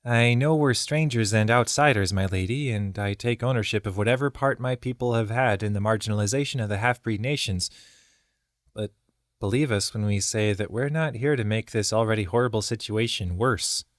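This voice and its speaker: A man's voice: fairly low pitch, normal speed, dry recording, studio quality, lightly acted. A man voicing a courteous male gnome who speaks formally and earnestly in an audiobook. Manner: formal, respectful.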